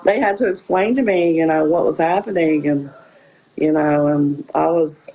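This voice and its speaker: A woman's voice: sits low, moderate pace, dark tone, dull audio. A woman telling her own story in a casual interview, rambling with many "you know" fillers. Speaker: guest.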